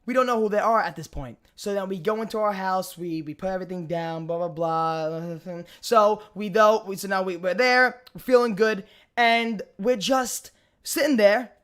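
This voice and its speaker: A young man with a Brooklyn accent, hosting a podcast and telling a party story with lots of swearing and animated storytelling. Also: sits high, normal speed, smooth. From Brooklyn, New York. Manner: animated storytelling, profane, acts out quoted voices. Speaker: podcast host. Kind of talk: casual chat.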